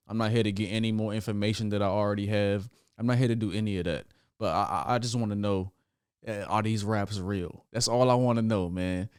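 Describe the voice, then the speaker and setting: A man giving a casual reaction review of an album, often stammering and restarting, with sudden excited outbursts. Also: fairly low pitch, a little fast, clear, resonant tone, dry recording, clean studio sound.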